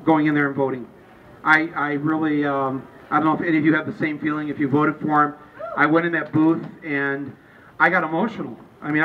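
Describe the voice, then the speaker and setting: A man's voice: a little high, a little hiss or hum. A man speaking informally to a live audience at a book event, rambling and restarting his sentences as he goes. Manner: rambling and conversational, with many restarts. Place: store during a book event. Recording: distant, muffled recording with faint ambience.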